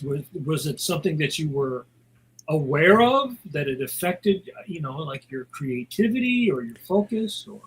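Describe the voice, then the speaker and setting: A man co-hosting a casual interview, asking slow, searching questions with frequent repeats. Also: on the high side, fairly bright tone, breathy edge, low-quality recording. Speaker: co-host.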